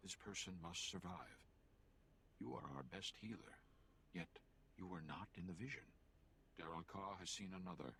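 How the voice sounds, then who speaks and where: Stern alien elder, extremely deep and gravelly, bright edge. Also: male voice, slight background noise, exaggerated voice. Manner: stern, measured.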